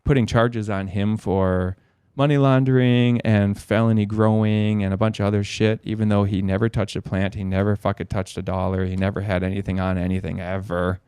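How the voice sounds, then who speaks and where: A man's voice: lowish voice, flat delivery, fairly quick, few pauses, mellow, clear, resonant tone, no echo. Profane, rambling man telling his story. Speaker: podcast guest. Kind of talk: casual storytelling.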